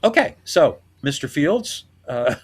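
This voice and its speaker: A man's voice: on the high side, very animated, slow, slightly rough. A man hosting a podcast, chatting casually and laughing often as he retells scenes. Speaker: podcast host. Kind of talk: casual chat.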